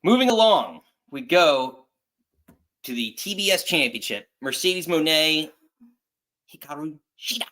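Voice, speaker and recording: A man hosting casual chat, lively as he moves between topics. His voice is bright and sits a little high for a man. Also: unhurried. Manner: upbeat, moves the show along with segues. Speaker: podcast host.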